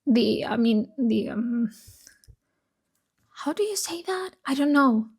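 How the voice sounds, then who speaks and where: A woman's voice: on the high side, animated, takes it slowly, vocal fry, a little mellow, breathy edge. A woman book vlogger chatting casually about her week's reads, rambling and swearing freely, recorded on a phone. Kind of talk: casual chat about books.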